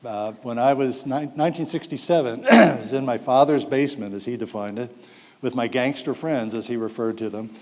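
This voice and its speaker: A man's voice: mid-range voice, a little fast. A man in his sixties speaking to an audience of parents, telling stories with acted-out quotes and jokes. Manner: animated storytelling, acts out quotes, jokes with the audience. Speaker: speaker giving a talk to parents. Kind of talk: public talk to an audience. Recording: long hall reverb.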